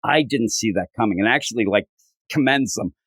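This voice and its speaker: Speaking a little fast, a man on a podcast gives a casual comic recap, animatedly acting out quotes with big pitch leaps. It's a dry recording.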